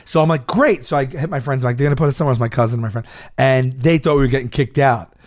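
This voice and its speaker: A man casually telling a long anecdote, animated, acting out other people's voices, with a New York accent. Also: mid-range voice, very fast. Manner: animated, acts out voices in quotes, filler-heavy. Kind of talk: casual storytelling.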